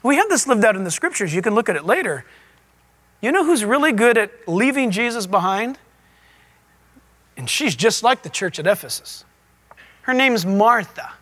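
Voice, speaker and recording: A male pastor preaches in a relaxed, conversational way. His pitch swings up and down freely as he tells stories and asks questions of his listeners. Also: moderate pace. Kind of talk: conversational sermon.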